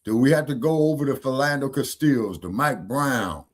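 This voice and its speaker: A man's voice: medium pitch, lively intonation, moderate pace. A man hosting a casual podcast discussion, talking emphatically, repeating points and checking his listeners follow him. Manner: emphatic, preachy, repeats himself and asks "you see what I'm saying?". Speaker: podcast host.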